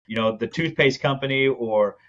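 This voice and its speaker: Here a male land investor is interviewed on a podcast, rattling off his business story at a fast clip and acting out the quotes. His voice is medium in pitch, captured with lo-fi sound.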